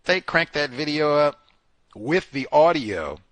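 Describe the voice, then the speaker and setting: A man hosts a casual commentary show, talking animatedly and acting out others' words with exclamations. His voice is fairly high and slow-paced, recorded with no room sound.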